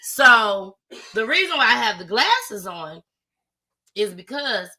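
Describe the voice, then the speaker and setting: A woman's voice: a little high, sing-song, slow pace, sharp tone. A woman, telling a story in a casual live-stream chat and acting out her own panicked cries. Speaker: storyteller guest.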